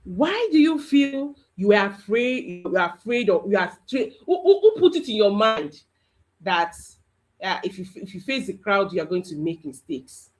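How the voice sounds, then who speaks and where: A woman's voice: medium pitch, very animated, normal speed. A Nigerian woman coaching children in a livestreamed talk, speaking emphatically and repeating lines for them to echo. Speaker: kids coach.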